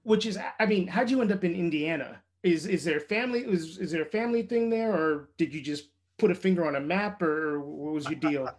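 Curious male host, loud and upbeat. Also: on the high side. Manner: quick, curious follow-up questions. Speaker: podcast host. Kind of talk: casual interview.

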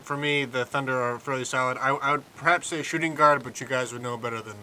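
A man on a live sports show who fires off jokes and jabs quickly. His voice is bright and sharp, and a faint hiss sits underneath. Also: mid-range voice, steady tone, rough recording. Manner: jokey, fast-talking. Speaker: podcast co-host. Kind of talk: joking sports banter.

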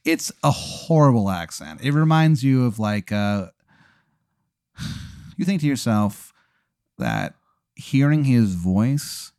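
A man's voice: mid-range voice, very animated, slow, long pauses, a little mellow, no room sound, clean studio sound. A man improvising a comedic role-play scenario as game master, rambling and profane with lots of fillers.

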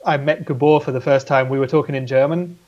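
A man's voice: mid-range voice, fairly even intonation, fast talker, a little mellow. Easygoing man on a dull line. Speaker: podcast guest. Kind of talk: casual chat.

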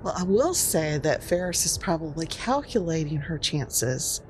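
A woman playing a tabletop game, speaking dry and deliberate. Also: deep voice, sing-song, a little mellow, soft background music, low-quality recording. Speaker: player. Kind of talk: casual tabletop play.

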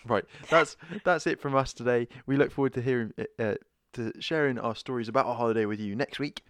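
A man co-hosting a casual podcast, bantering and teasing in relaxed chat. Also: mid-range voice, a little fast, clean tone, no echo. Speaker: podcast co-host. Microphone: headphones and podcast mic.

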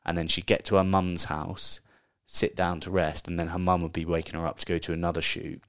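Very deep-voiced man, chatty. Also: flat delivery, brisk, dry recording, clean studio sound. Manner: chatty, candid, swears casually. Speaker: podcast host. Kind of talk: casual solo podcast book review.

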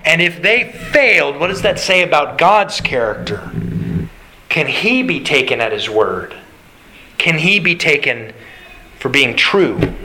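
A man with a fairly high, bright voice preaching a sermon at an unhurried pace. He poses questions to the congregation and answers them himself. He walks his listeners step by step through the scripture passage. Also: slight background noise, poor audio.

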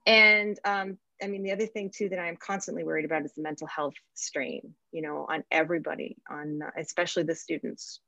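A woman's voice: fairly low pitch, a bit bright, dry recording, lo-fi sound. A woman, a professor, speaking reflectively and conversationally in a casual panel discussion.

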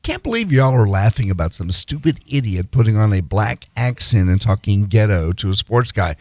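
A man's voice: on the low side, big pitch swings, moderate pace, darkish tone, no room sound. A man co-hosting a radio show, reading listener messages aloud and laughing between lines. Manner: laughs while reading, mock voices. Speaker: radio co-host. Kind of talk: reading listener mail on air. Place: radio studio.

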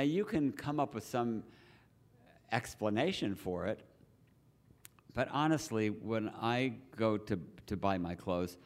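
A man who is a Reform Jew explaining his tradition to a church group in a measured, teacherly way, with pauses and restarts. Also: on the low side, a little mellow. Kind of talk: explanatory talk with questions. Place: church hall.

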